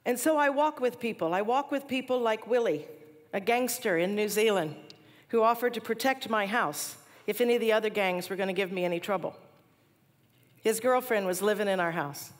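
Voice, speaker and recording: Woman in her forties, chapel speaker with lively storytelling; long reverb from a big hall. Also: mid-range voice, brisk. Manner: animated storyteller, laughs at herself.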